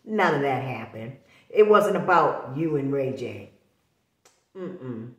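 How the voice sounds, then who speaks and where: Her voice is a rumbling low, expressive and fairly bright, and she speaks slowly. Talking straight to camera amid a roomy echo, this vlogger presses her case insistently, repeating words for emphasis.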